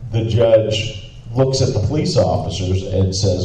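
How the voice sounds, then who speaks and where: A man's voice: lowish voice, a little slow, a crowd in the background. A man telling a courtroom-style anecdote casually to a live audience, with laughing asides and some swearing. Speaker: panelist telling stories at a live event. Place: live event room with audience. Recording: roomy hall, picked up from a distance.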